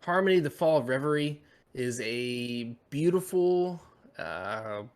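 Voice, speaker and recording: A man hosting a casual podcast chat, talking easily with fillers and pauses. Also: medium pitch, animated. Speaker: podcast host.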